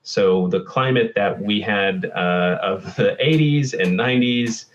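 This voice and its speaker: A man's voice: on the low side, measured pace, muffled recording, a little hiss or hum. A man answering interview questions about the climate, thoughtful and hesitant with many fillers. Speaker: climate scientist guest. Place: Texas.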